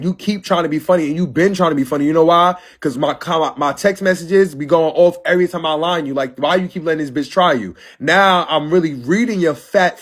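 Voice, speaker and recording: A man in his twenties ranting casually on a live stream, brash and profane, calling someone out with sass. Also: on the high side. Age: 20s.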